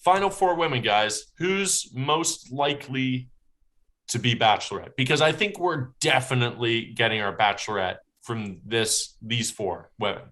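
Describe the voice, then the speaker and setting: A young man hosting a casual chat podcast, quick and animated, leaning into quotes with put-on voices. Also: mid-range voice. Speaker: podcast host.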